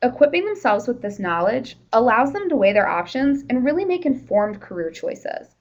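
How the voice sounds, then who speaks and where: A woman's voice: on the high side, sing-song, moderate pace, low-quality recording. A woman presenting a workplace training session in a conversational, explanatory way, with the odd "you know".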